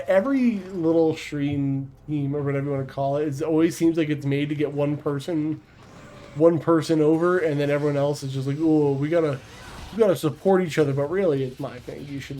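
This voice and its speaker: A man's voice: fairly high pitch, fairly even intonation, fairly quick, mellow, soft background music, low-quality recording. A man chatting casually on a livestream, blunt and profane, rambling with restarts. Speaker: streamer.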